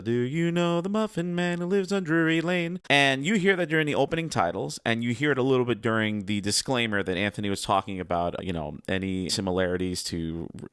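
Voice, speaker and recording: A man's voice: low voice, fairly bright tone, no room sound, clean studio sound. A man giving casual, enthusiastic commentary on a cartoon's music, wandering into asides and reading quotes aloud. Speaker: music segment presenter on an animation review show.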